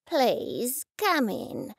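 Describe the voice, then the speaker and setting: A woman voicing a vague, rambling elderly man in his eighties in a storybook reading, speaking slowly and softly. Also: high voice, sing-song, no room sound, clean studio sound, exaggerated voice. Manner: slow, soft, rambling.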